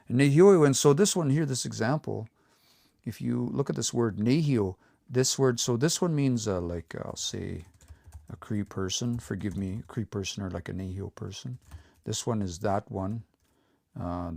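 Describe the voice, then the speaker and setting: A man teaching pronunciation on a livestream, repeating words slowly and coaching learners to say them out loud. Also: lowish voice, gravelly. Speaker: language teacher.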